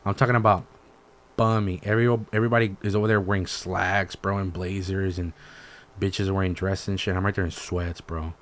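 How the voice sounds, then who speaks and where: A man's voice: deep voice, flat delivery, brisk, fairly bright tone. A man co-hosting a podcast, telling stories in a laid-back, slangy, profane casual chat. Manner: laid-back slangy storytelling, lots of swearing. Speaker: podcast co-host.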